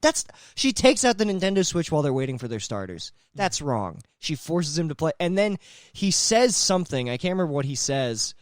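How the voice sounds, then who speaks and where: A man co-hosting a comedy podcast, rambling through animated stories with laughing asides. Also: on the high side, fairly quick, dry recording, studio quality. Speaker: podcast co-host. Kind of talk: casual comedy podcast chat.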